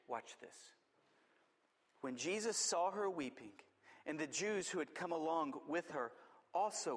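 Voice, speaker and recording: A man preaching a sermon as pastor, swinging between urgent emphasis and hushed, drawn-out words. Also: a little high, husky, in a large hall.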